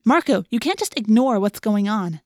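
A woman voicing a bold, fiery teenage girl who speaks forcefully and indignantly. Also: a little high, fairly quick, dry recording, clean studio sound, voice pushed up, close to an everyday voice.

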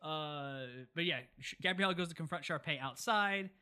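A young man with a bright, forward voice talks through a plot in a loose, conversational way. He slips into quick impressions of the characters as he goes, casual podcast chat. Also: fairly high pitch, clear, resonant tone. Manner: animated, acts out characters' lines. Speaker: podcast co-host.

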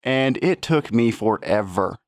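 A man's voice: medium pitch, expressive, measured pace, no room sound, clean studio sound. A man chatting casually and easily on a podcast, laughing at his own stories. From lives in Colorado. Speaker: podcast guest. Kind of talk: casual chat.

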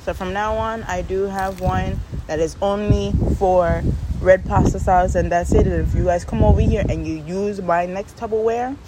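A woman hosting a podcast, rambling and venting in a casual monologue with animated asides, recorded outdoors in the shade on a phone. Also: medium pitch, moderate pace, heavy background noise. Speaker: podcast host.

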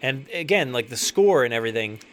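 A man's voice: mid-range voice, expressive, fairly quick, a bit bright. A young man co-hosting a podcast, chatting casually while playing a video game, laid-back, trailing off with fillers and swearing often. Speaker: podcast co-host. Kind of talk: casual chat while gaming.

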